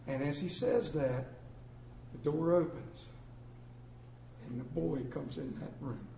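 Pastor, high voice, hushed to booming. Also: male voice, slow pace, gravelly, pauses often, slight background noise. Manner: emotional storytelling, swings from hushed to booming. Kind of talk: sermon. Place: church. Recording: roomy church echo.

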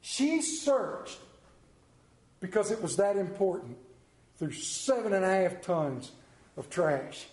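A man's voice: sits high, animated, measured pace, darkish tone, roomy sound. A man preaching a sermon in a church, telling a folksy story and asking the congregation questions. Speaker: pastor. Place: church sanctuary.

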